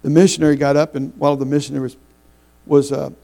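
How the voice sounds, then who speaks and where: A middle-aged man preaching a sermon, telling folksy stories with halting restarts. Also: medium pitch, little pitch movement, gravelly, mellow, low-quality recording. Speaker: pastor.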